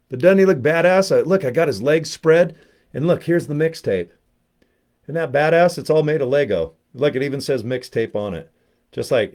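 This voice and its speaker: A man's voice: medium pitch, darkish tone. Guy rambling on his home livestream, jokey, teasing himself, talks to the chat by name. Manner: joking, rambling, self-mocking. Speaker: livestream host promoting products. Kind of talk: casual live chat.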